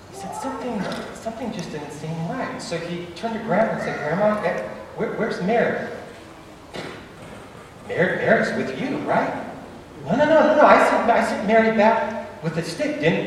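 A man preaching, telling a story dramatically with stammered repetitions, swinging between loud and hushed. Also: sits high, a little hiss or hum. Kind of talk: sermon storytelling. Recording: echoey hall, voice from far off.

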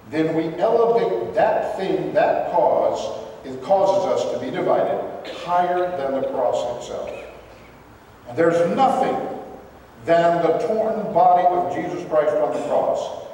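Slow, earnest man in an echoey hall. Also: fairly high pitch, lively intonation, dark tone, far from the mic, a little hiss or hum. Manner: earnest, emphatic, halting restarts. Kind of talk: religious commentary reading from documents.

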